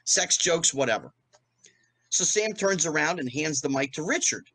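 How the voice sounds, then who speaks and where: A man in his fifties from New Jersey, a guest in an interview, telling a fast anecdote and acting out the quotes with big jumps in pitch. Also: big pitch swings, bright, forceful tone, no echo. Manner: fast storytelling with acted-out quotes, rising pitch on punchlines. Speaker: guest, former child actor.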